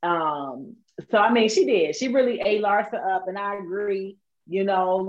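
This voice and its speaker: A woman co-hosting a podcast, recounting celebrity gossip in a slow, drawn-out casual way with fillers. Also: mid-range voice. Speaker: podcast co-host. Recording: dull lo-fi sound.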